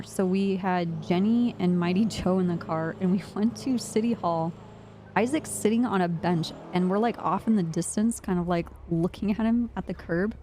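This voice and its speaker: Chatty woman streamer, lower voice. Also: darkish tone, slight background noise. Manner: chatty, laughs often, rambling storytelling. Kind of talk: casual chat with stream chat.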